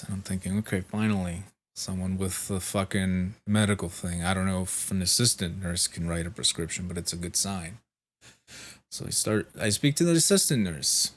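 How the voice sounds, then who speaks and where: A man, sick with a fever and clearing his throat, telling a profane, exasperated story in casual chat and mimicking the people he spoke to. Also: deep voice, normal speed, a bit bright. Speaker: vlogger.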